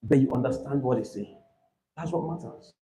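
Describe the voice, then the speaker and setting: Animated man teaching a class. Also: mid-range voice, moderate pace, heavy background noise. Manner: animated, rising to emphatic points, asks "right?". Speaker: IELTS tutor.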